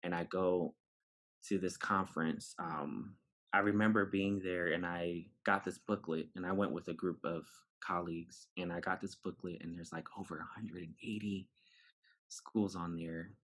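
Man, from New York City, low voice, husky, animated storyteller, podcast guest. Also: normal speed. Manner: animated, acts out dialogue, laughs while telling. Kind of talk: personal storytelling.

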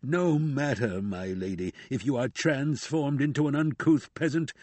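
A man's voice: medium pitch, measured pace, a little mellow, no echo, close to an everyday voice. A man voicing an aging, deluded male knight who speaks in archaic, ceremonious phrases. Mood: ardent.

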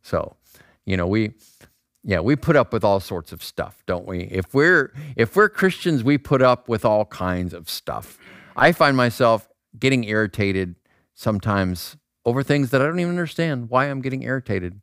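A man's voice: mid-range voice, moderate pace, gravelly, no room sound, clean studio sound. A man preaching a casual, conversational sermon, asking rhetorical questions and acting out voices. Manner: animated, acts out voices, asks rhetorical questions. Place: outdoor square.

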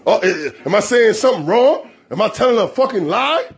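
A man's voice: high-pitched, big pitch swings, fairly quick, breathy edge. A man hosting a show, delivering an aggressive, profane monologue in a confrontational manner. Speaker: show host.

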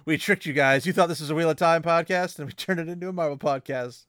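A man's voice: a little high, quick pace, a bit bright, no echo. A young man co-hosting a podcast, chatting casually, laughing often, and reading aloud from a novel. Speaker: podcast co-host.

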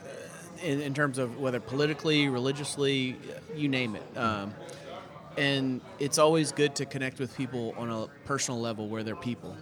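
A man's voice: medium pitch, fairly even intonation, normal speed. Chatty man in a busy taproom. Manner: chatty, earnest, laughs easily. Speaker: podcast co-host and pastor. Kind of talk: casual chat. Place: brewery taproom. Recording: busy taproom crowd noise. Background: crowd chatter.

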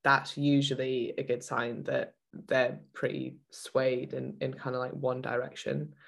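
A woman's voice: extremely low pitch, little pitch movement, measured pace, gravelly. A woman from the UK co-hosting a fitness podcast, chatting casually with lots of filler words. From United Kingdom. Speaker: podcast co-host, fitness coach.

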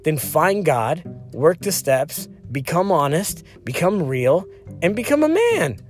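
Firm no-nonsense male sponsor, played by a man, instructive, high animated voice. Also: slow pace, soft background music.

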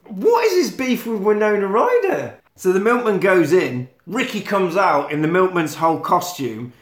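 High-voiced man, swearing storyteller. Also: moderate pace, roomy sound. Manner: swearing, animated storytelling, acting out quotes. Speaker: podcast co-host. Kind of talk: casual film recap chat.

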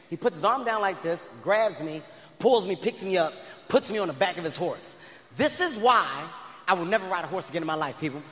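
High-voiced man shouting stand-up punchlines. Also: fairly quick. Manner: loud, animated, often shouting punchlines. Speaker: stand-up comedian. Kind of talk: stand-up storytelling. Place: large arena stage before a live crowd. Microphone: handheld stage mic. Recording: arena reverb with loud crowd.

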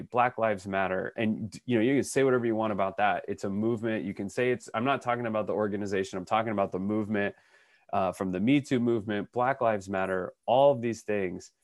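A man's voice: on the low side, brisk, dry recording, studio quality. A man in his thirties or forties, a podcast co-host, telling a story in casual conversation, acting out what people said, with many restarts. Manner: animated storyteller who acts out quotes, with frequent restarts.

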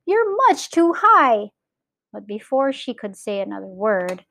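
A woman teacher reading a children's story aloud, in slow, clear storytelling with lively character voices. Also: mid-range voice, no echo. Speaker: English teacher.

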